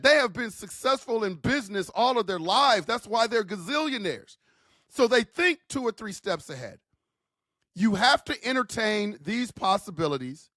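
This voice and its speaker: In this opinionated football commentary vlog, the host of his own sports channel speaks in a high-pitched, slightly bright voice. He's fired up and emphatic, talks in casual slang, calls listeners "man" and hammers his points repeatedly, all captured in a dry, clean studio recording.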